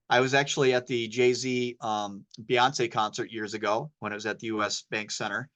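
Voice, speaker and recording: A man at a mid-range pitch delivering a medical talk in a loose, conversational way. He drifts into stories and slang rather than reading slides, keeping a poison-control specialist's practical tone. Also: a bit bright. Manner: casual, anecdotal, sprinkles in slang. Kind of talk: informal medical lecture.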